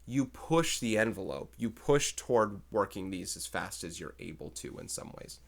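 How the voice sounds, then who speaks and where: A man's voice: lowish voice, animated, moderate pace. A man teaching math in a recorded lecture, chatting and thinking aloud as he works through problems.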